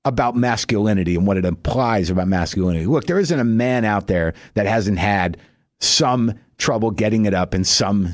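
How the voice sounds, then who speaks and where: A middle-aged stand-up comedian performs a monologue, telling a wry story and jumping high and loud on his punchlines. The recording is dry, with clean studio sound.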